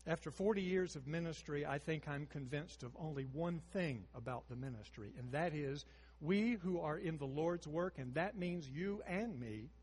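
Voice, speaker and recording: A man in his sixties preaching a sermon, moving between hushed storytelling and emphatic rises. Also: on the high side, husky, big-room sound.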